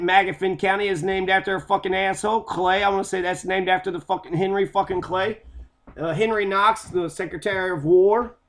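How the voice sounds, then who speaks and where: He's from Kentucky, with a high, somewhat bright voice, and his monologue on local history is heated, sarcastic, and packed with constant swearing.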